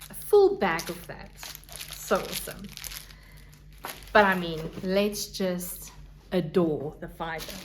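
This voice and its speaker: A woman hosting a casual crafting podcast, gushing over her things and sometimes dropping to a soft whisper. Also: medium pitch, slight background noise. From South Africa. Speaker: podcast host. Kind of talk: casual show-and-tell chat.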